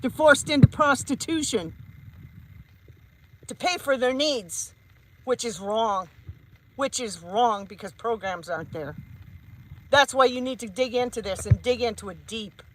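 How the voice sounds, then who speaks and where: A woman's voice: fairly high pitch, a little slow, long pauses, a bit bright, slight background noise, low-quality recording. A woman, a psychic medium, giving a heated vlog rant and repeating her points emphatically. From Canada.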